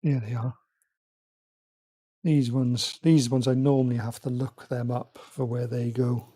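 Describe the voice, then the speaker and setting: A man muttering quietly to himself as he chats casually on a live stream, talking through a build. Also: medium pitch, level tone, measured pace, slightly rough. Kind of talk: casual live-stream chat while working.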